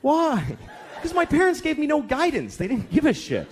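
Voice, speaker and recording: A man's voice: sits high, wildly swooping pitch, takes it slowly, some chatter behind, slight background noise, pitched above the performer's own voice, heavily acted. A man voicing his small daughter, who keeps asking why with insistent, repetitive questions. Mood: persistent.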